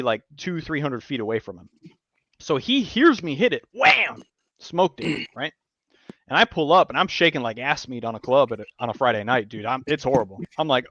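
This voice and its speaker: A man hosting a podcast, telling stories in casual chat, animated and profane, acting out what people said. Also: fairly high pitch, no echo, highs cut off. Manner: animated storyteller, swears a lot, acts out quotes. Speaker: podcast host.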